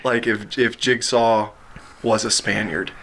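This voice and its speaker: A man co-hosting a comedy podcast, making dry, deadpan jabs in casual chat. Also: fairly low pitch, takes it slowly, gravelly, a little hiss or hum. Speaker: podcast co-host.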